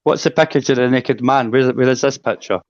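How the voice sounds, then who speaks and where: A man's voice: medium pitch, a little fast, dry recording. A man hosting a live stream, rambling and joking crudely in casual banter, with dull lo-fi audio from a home mic. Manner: rambling, crude, jokey, swears a lot. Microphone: home microphone on a live stream.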